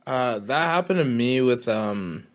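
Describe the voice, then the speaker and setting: A young man in his twenties co-hosting a podcast, telling stories in a chatty, animated way. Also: mid-range voice, unhurried. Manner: chatty, animated storytelling with laughter. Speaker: podcast co-host. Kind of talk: casual chat.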